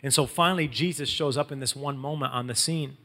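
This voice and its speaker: A man preaching a sermon, telling the story in a lively, casual way and acting out quotes in everyday slang. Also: mid-range voice, a little fast, long reverb tail. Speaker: pastor.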